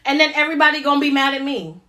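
A woman in casual chat, blunt and animated, with a lot of profanity. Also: sits high, very fast.

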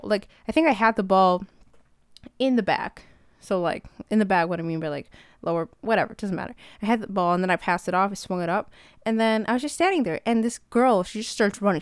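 A woman's voice: medium pitch, lively intonation, normal speed, clean tone, dry recording, studio quality. A teenage girl, telling stories in a rambling casual podcast chat full of "like". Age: late teens. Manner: rambling, lots of "like", acts out quotes. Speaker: podcast host.

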